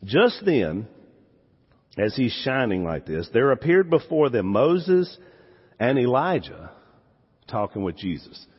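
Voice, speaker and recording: Animated Southern preacher in a reverberant hall. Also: male voice, mid-range voice, slow pace, long pauses, husky. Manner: animated, swings from loud emphasis to quiet asides. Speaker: pastor. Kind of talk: sermon. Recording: dull sound with long hall reverb.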